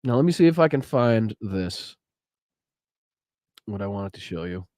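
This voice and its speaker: A man's voice: lowish voice, very animated, measured pace, darkish tone, no room sound, clean studio sound. Profane, blunt man ranting on a podcast. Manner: fumbles with restarts while working his screen. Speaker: political podcast host. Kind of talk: casual live-streamed rant.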